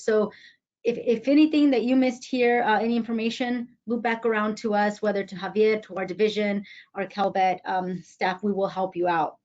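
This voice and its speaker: Higher woman moderating a muffled webinar. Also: darkish tone. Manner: measured, repeats words while introducing speakers. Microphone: video call. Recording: muffled video-call audio.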